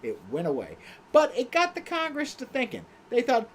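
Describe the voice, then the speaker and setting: Animated, profane man telling history. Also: very high voice, normal speed, slight background noise. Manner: profane, animated, jokey storytelling with mock quotes. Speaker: livestream host. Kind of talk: casual history storytelling on a livestream.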